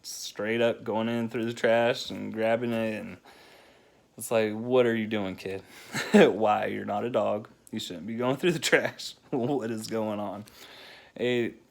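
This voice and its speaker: A man's voice: on the low side, steady tone, slow pace, gravelly. A man, a single father, hosting a casual countdown vlog, laughing often as he tells loose, rambling stories.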